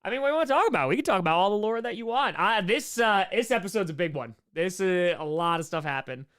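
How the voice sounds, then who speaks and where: A man hosting a casual livestream Q&A, excitable and playful, shouting out donors' names and making little sound effects to thank them. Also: high voice, fast talker, clean tone. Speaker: livestream host.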